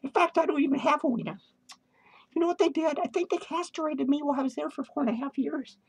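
A shrill, manic, foul-mouthed clown. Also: male voice, fast talker. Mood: manic ranting. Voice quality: high shrill voice with cackling laughs. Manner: crude swearing rants, giddy and drifting. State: tipsy and hyper. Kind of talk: comedic character vlog rant. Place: home studio.

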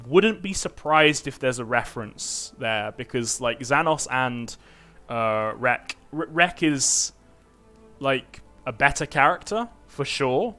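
A man's voice: medium pitch, expressive, takes it slowly, pushed and bright, faint music behind. A man streaming a computer role-playing game, giving rambling, self-mocking casual commentary full of fillers.

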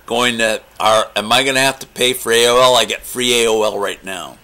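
A man making a prank call, rambling and joking in a deadpan way. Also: mid-range voice, brisk. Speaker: comedy prank caller.

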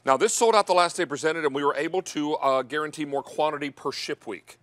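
A man's voice: fairly high pitch, brisk, fairly bright tone, no echo. A man hosting a live TV shopping show, talking in a chatty, upbeat sales patter. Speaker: TV shopping host. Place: TV studio kitchen set.

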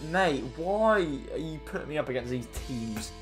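A young man commenting on his own online football match, swearing often and swinging from frustrated mutters to excited shouts. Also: fairly high pitch, normal speed, soft background music. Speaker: gaming YouTuber. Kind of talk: live gameplay commentary.

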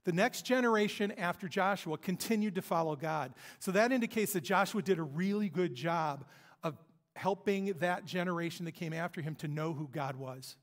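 A man preaching a sermon in a church, retelling scripture as a story with emphatic pauses. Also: high voice. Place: church sanctuary. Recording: long hall reverb.

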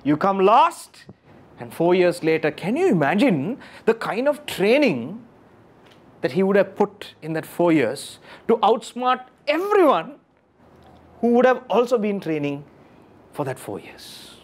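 A man's voice: high voice, unhurried. Guy giving a pep talk to a crowd, voice jumps way up and down, keeps asking the room questions and repeating himself. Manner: animated, keeps questioning the audience; emphatic, repeats key phrases. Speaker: motivational speaker. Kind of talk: live talk to an audience. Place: lecture room with audience.

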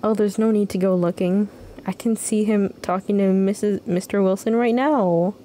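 A woman voicing a kindly, motherly village woman in a video game, speaking softly and drawing out her words. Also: medium pitch, fairly even intonation, moderate pace, a little hiss or hum, natural voice.

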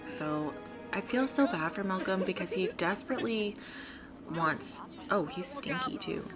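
A woman's voice: mid-range voice, normal speed, over music. A woman giving chatty, sympathetic gameplay commentary, full of fillers, as host of her let's play series. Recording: steady background noise.

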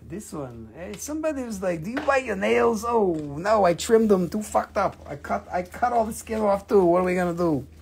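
High husky live-sale host, joking. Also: male voice, expressive, normal speed, few pauses, darkish tone. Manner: joking, profane, loose non-native phrasing. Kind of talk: casual live-sale patter.

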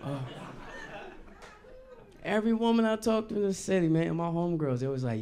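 On a live stage before an audience, a man performs a stand-up comedy set in loose, slangy speech, acting out characters through quick quotes. His voice is high-pitched, expressive, and warm.

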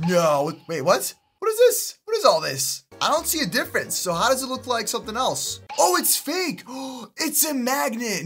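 A young man hosting a casual reaction video, excitable, slangy and joking as he exclaims at what he sees. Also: sits high, husky. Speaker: YouTube host reacting to videos.

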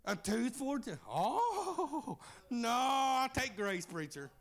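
High gravelly preacher man, shouting. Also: very animated, takes it slowly. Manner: shouting, sing-song preaching with "uh" beats. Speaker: pastor. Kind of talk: fiery revival sermon. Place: church service.

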